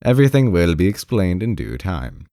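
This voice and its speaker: A man's voice: low voice, sing-song, normal speed, dark tone, dry recording, studio quality. A man doing a stern, reproving official. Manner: stern, emphatic. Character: stern older male official, curt and reproving.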